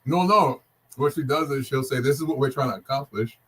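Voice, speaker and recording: A man speaking as a podcast guest, calmly explaining business plans in a casual chat. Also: mid-range voice, fast, breathy edge.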